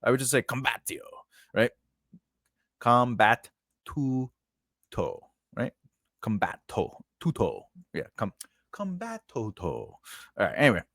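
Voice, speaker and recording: Slow, rambling male teacher. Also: mid-range voice, big pitch swings, fairly bright tone, no room sound, studio quality. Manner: rambling, self-correcting, checks in with "right?". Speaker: writing teacher. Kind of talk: casual whiteboard lesson.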